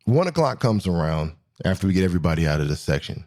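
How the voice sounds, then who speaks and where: A man hosting his own show, telling stories in a slangy, animated way, swinging between excited high bits and low asides. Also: quick pace. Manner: slangy, swearing, self-correcting. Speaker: podcast host. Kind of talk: casual storytelling monologue.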